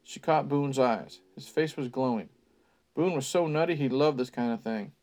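A man's voice: mid-range voice, moderate pace, darkish tone. A man hosting a podcast, reading a book aloud with sarcastic, mocking asides. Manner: wry, mocking asides between passages.

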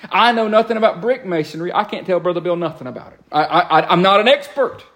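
Animated pastor preaching. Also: male voice, sits high. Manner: animated preaching with call-and-response, quick asides and repeated words. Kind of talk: sermon. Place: church sanctuary.

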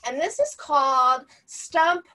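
A woman hosting a casual live-stream music chat, playful and quick to laugh. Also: high-pitched, very animated, noisy background. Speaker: host.

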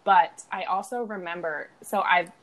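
A woman's voice: on the low side, normal speed. Chatty woman co-hosting a book podcast. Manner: chatty, tells stories with a laugh. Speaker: podcast co-host. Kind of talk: casual chat.

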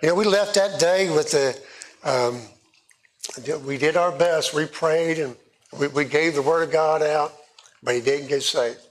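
A man with a drawl preaches from personal testimony. His voice sits a little high for a man, and he talks haltingly, restarting phrases and doubling words as he goes. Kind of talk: sermon testimony.

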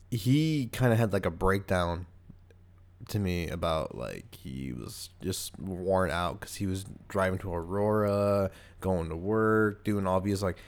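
A young man from the US hosts a podcast in a deep, slightly mellow voice. The casual chat rambles loosely, with many fillers, "like"s and restarts.

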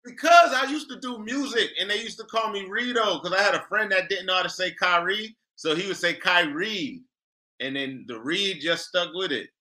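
A comedian co-host tells stories bluntly and swears often. His voice is very bright and fairly high. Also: moderate pace. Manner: brash, profane storyteller. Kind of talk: casual comedic banter.

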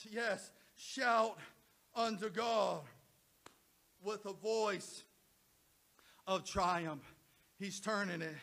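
A man preaching a sermon to his church and online viewers, building repeated rhythmic phrases into shouted climaxes. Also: sits high, creaky. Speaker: pastor.

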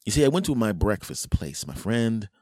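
A man in his late forties hosting a podcast, telling a comic story in an animated way and dropping into low, smooth murmurs. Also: normal speed, no echo, clean studio sound. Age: 40s. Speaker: podcast host. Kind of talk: casual comic monologue.

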